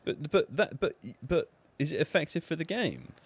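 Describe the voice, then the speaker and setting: A man co-hosting a live stream while playing a football video game, chatting and teasing in an animated way. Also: on the high side, normal speed, husky. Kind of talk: casual banter while gaming.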